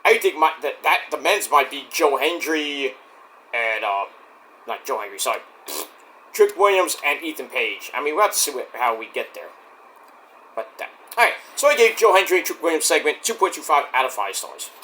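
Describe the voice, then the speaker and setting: A man giving a casual solo review of a wrestling show, excitable and profane, breaking into rants. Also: on the high side, moderate pace, a little hiss or hum.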